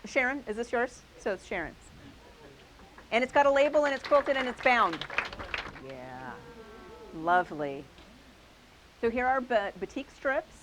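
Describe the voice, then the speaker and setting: A woman's voice: a little high, lively intonation, unhurried, long pauses, a bit bright, low-quality recording. Enthusiastic woman hosting a quilting class. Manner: enthusiastic, praising each quilt. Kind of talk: live quilt show-and-tell with a group. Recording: faint hiss.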